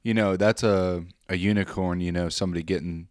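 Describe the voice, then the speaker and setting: Casting: male podcast host, very low voice, dry close mic, quick supportive interjections. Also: fairly even intonation, no room sound. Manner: brief encouraging backchannels and laughs. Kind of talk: casual chat.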